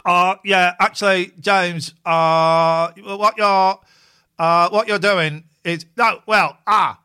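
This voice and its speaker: A man's voice: high voice, steady tone, pushed and bright, clear, resonant tone, heavily acted. A man doing an impression of a hesitant young man who fumbles through every sentence with uhs and actuallys. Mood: fumbling. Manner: halting, full of uh and actually.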